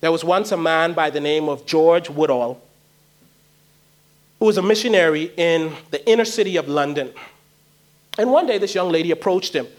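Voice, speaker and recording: A man's voice: a little high, moderate pace, pauses often. A man preaching a sermon, emphatic and pleading, repeating key phrases for weight.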